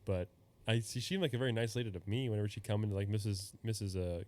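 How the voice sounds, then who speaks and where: A man's voice: fairly low pitch, fast talker, a little mellow. Young guy rambling and laughing. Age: young adult. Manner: laughing, swearing, rambling storytelling. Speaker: podcast host. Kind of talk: casual chat.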